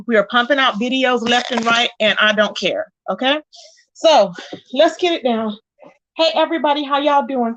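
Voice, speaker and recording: Woman, livestream host, casual gossip chat, dry close sound, animated storytelling. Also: high-pitched, no room sound, highs cut off. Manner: chatty, greets viewers by name, animated retellings. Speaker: host of a live gossip channel.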